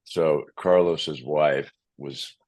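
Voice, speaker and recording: A man, a real estate agent, telling a story in casual conversation, animated and acting out the people he quotes. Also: rumbling low, drawn-out words. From Hawaii.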